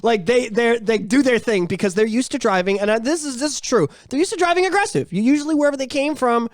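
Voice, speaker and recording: Podcast co-host, man, high voice, animated and crude, close dry mic. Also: quick pace, no echo. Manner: animated, crude, ranting, jumps into loud quoted voices. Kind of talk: casual podcast chat.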